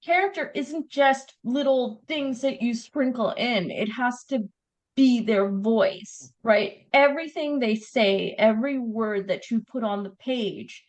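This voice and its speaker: A woman's voice: on the high side, takes it slowly, rough recording. A woman with a Canadian accent, a guest author chatting animatedly about her writing in an interview. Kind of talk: casual interview chat.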